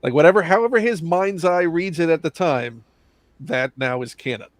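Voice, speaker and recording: A man's voice: fairly high pitch, moderate pace, no echo. A man hosting a live chat, prompting his guest in an easygoing, conversational way. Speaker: host.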